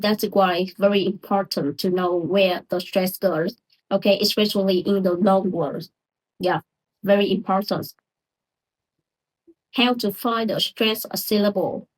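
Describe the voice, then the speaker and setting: A young woman, not a native English speaker, giving a casual lesson on English word stress, repeating words slowly and checking in with "okay?" often. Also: medium pitch, poor audio.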